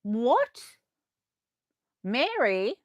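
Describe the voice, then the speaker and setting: A woman chatting excitedly to viewers as she unboxes collectibles live, her voice going a little hoarse. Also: fairly high pitch, drawn-out words, no room sound, highs cut off. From Australia. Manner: chatty and excitable, gasping and laughing, talking to viewers. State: losing her voice. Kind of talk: casual live unboxing chat.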